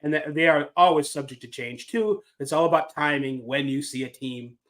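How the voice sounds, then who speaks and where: A man hosting a casual sports podcast, his voice sitting a little higher than most men's. He talks in a wry, rambling way and pokes fun at himself. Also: normal speed, fairly bright tone. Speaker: podcast host.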